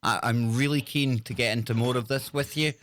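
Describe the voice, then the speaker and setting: A man's voice: medium pitch, fairly even intonation, fairly quick, a bit bright, slight background noise. A man hosting a live talk show, chatting enthusiastically and often repeating himself. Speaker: talk radio host.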